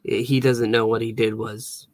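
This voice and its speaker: A man co-hosting a casual review show, talking in an unhurried way with hesitant fillers. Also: mid-range voice, little pitch movement, darkish tone, no room sound. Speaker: podcast co-host.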